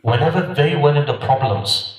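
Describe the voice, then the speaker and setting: A man's voice: medium pitch, lively intonation, normal speed, a crowd in the background. A man giving an impassioned sermon at a mourning gathering, with rhythmic repeated refrains and emphatic rises and drops. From United Kingdom. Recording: very echoey, voice from a distance.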